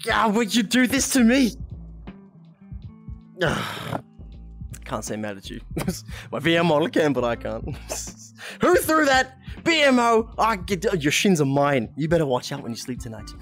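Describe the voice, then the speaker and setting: A man's voice: fairly high pitch, wildly swooping pitch, a little slow, fairly bright tone, soft background music. A young man streaming a VR game, chatting casually, giggling often, swearing and reading chat aloud. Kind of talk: casual live-stream chat while playing. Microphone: VR headset mic.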